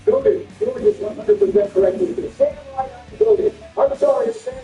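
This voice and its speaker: A man giving confrontational gameplay commentary with trash talk and swearing, swinging between squeaky and low tones. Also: big pitch swings, brisk, mellow, far from the mic, dull audio. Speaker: gaming video host. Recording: echoey room, away from the mic, music behind.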